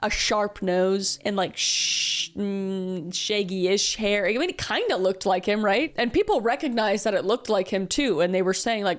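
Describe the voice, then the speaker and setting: A woman's voice: mid-range voice, lively intonation, a little slow, few pauses. A woman telling a true crime story in a casual, chatty way, with swearing and filler-heavy asides.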